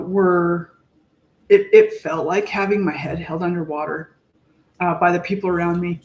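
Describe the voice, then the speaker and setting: A woman co-hosting a podcast, talking in a casual, heartfelt way, reflective and halting as she searches for words. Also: on the low side. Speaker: podcast co-host. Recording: echoey room.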